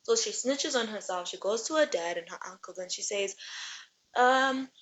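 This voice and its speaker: A young woman giving a casual book recap and rant, chatty and rambling with animated asides. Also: mid-range voice, a little fast, muffled recording. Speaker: book reviewer.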